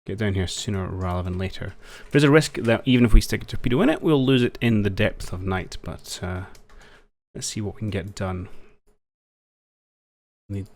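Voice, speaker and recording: A man's voice: on the low side, moderate pace. A man giving casual, thinking-aloud commentary over a strategy game, wry and understated as he plays. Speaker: strategy game let's-player.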